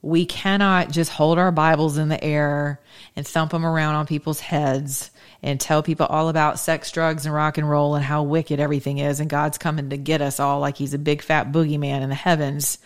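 A woman's voice: deep voice, flat delivery, normal speed, smooth. A woman hosting her show, giving an emphatic, folksy, preachy monologue. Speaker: show host. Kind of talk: impassioned casual monologue.

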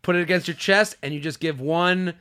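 Bright clear-voiced male podcast host. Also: a little fast. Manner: animated storytelling, drops low and quiet for asides. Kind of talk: casual comedic chat.

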